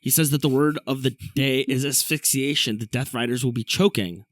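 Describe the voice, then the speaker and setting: A man hosts a casual wrestling recap podcast, running through the events in a brisk storytelling way. His voice sits in an ordinary middle range. The sound is dry and close to the mic. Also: medium pitch, no echo. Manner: recaps matches briskly, reads an ad read. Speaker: podcast host.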